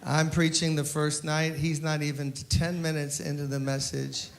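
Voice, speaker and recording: A pastor speaks at a memorial service, his voice sitting a touch higher than most men's. He tells his stories in a lively way and acts out the quotes as he goes. A faint noise sits under the recording. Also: moderate pace, gravelly. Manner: animated anecdotal storyteller, acts out quotes. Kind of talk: memorial eulogy storytelling.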